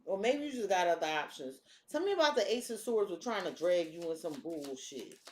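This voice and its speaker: A woman's voice: on the low side, big pitch swings, a little fast, darkish tone, a little hiss or hum. A woman doing a casual tarot reading, talking bluntly and cursing freely. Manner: blunt, profane, streetwise talk. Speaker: tarot reader. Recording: echoey room.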